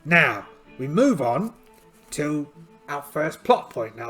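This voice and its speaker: A man rolls dice and narrates a pirate adventure, putting on a hammy pirate voice and joking at his own expense. His voice has a gravelly edge, and quiet music plays under it. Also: on the high side, sing-song, slow. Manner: chatty, self-mocking, hammy pirate talk. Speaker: solo tabletop game player. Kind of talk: playing a solo game in a pirate voice.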